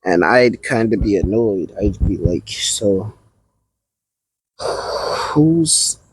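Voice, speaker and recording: A man's voice: lowish voice, normal speed, slightly rough, no echo, low-quality recording. A man telling an improvised fan story aloud, rambling along and stopping to restart parts.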